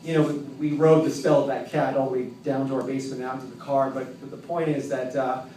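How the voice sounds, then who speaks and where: A man telling a personal story live at an open mic in a tavern, with a wry, self-mocking, halting delivery. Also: mid-range voice, flat delivery, warm tone. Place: tavern with an audience. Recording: roomy, distant, faint background noise.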